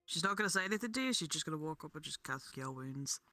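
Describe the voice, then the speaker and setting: Relaxed player in a tabletop game. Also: medium pitch, fast, soft background music. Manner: relaxed, unsure about rules, snacking while playing. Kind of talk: casual tabletop game chat.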